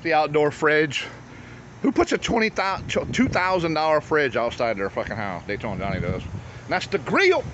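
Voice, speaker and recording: A man's voice: fairly high pitch, big pitch swings, moderate pace. A man vlogging outdoors with a handheld phone, swearing a lot and boasting in a slangy, casual way. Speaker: vlogger showing storm damage at home. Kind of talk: casual profane vlog. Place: outdoors at a house yard and street. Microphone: handheld phone camera. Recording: lo-fi phone audio with outdoor noise.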